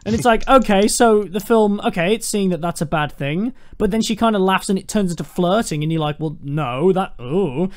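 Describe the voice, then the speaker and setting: A man's voice: sits high, a little fast, few pauses. Sweary guy ranting about a film. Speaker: podcast co-host. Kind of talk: casual film rant.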